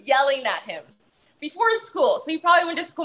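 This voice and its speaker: A woman co-hosting a podcast, telling a story in an animated way and laughing often. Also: high-pitched, a little fast, poor audio. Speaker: podcast co-host. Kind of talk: casual chat.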